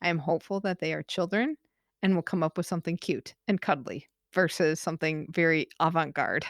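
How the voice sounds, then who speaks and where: A woman co-hosting a podcast, reading out news updates in a careful, measured way and laughing easily between items. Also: sits low, no echo, studio quality. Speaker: podcast co-host. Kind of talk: casual news chat.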